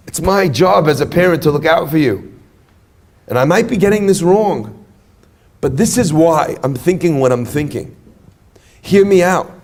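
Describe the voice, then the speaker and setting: A man giving an inspirational talk to an audience, telling stories and joking with the crowd. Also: sits high. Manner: animated storyteller, jokes with the crowd. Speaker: speaker at a retreat.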